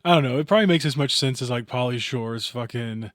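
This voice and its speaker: A man's voice: mid-range voice, quick pace, no echo, studio quality. A man co-hosting a podcast, talking in a goofy, playful, casual way. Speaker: podcast co-host. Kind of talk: casual chat.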